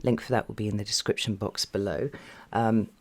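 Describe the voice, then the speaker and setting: A man giving a casual tarot reading, talking in a chatty, meandering way with many fillers and at times dropping to a soft half-whisper. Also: on the low side, steady tone, a little fast. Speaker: tarot reader.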